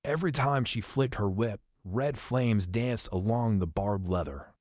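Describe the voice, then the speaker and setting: A man reading an adventure novel aloud as an audiobook narrator, telling the action briskly in the first person. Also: lowish voice, a little mellow, dry recording, studio quality. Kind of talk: scripted storybook narration.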